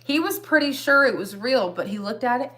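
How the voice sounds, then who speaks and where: A woman's voice: on the high side, expressive, fairly quick, fairly bright tone. A middle-aged woman co-hosting a casual live stream with her husband, chatty, laughing often and trailing off mid-sentence. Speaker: co-host of a couple's live stream. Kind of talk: casual chat.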